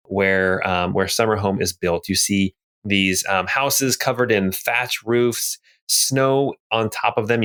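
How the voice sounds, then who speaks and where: Low-voiced man narrating as game master. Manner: relaxed, with many ums and restarts.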